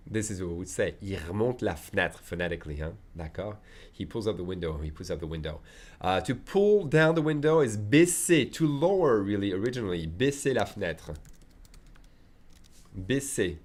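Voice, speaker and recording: Man teaching French, checking in often. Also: lowish voice. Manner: explains with frequent "okay?" and "d'accord?" checks, says French phrases slowly; chatty asides and fillers. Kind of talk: online language lesson.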